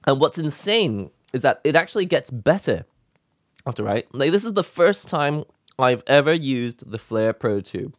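A man hosting a casual vlog, talking excitedly and emotionally in a rambling way. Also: mid-range voice, normal speed, no echo, studio quality. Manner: excited, rambling, with laughs and sighs. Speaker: YouTube host.

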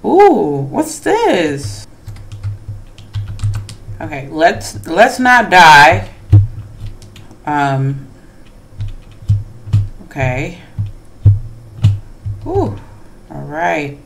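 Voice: medium pitch, extremely slow, vocal fry, pauses often. A gamer commentating a horror game, chatty and nervous, talking back to the characters on screen and to other players. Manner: nervous, hushed asides between excited outbursts. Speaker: gamer playing horror games. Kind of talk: let's play commentary.

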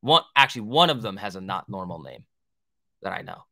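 A man's voice: deep voice, very animated, fairly quick, vocal fry, sharp tone. A young man hosting a trading livestream, answering viewer questions in a rambling, profane, joking way. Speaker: stock trading livestream host.

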